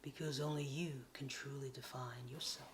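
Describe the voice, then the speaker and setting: A woman's voice: a bass voice, fairly even intonation, moderate pace, crowd noise. A woman giving a motivational talk straight to the camera, coaxing and playful, calling her viewers darlings and honey. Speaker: motivational vlogger. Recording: echoey room with faint music.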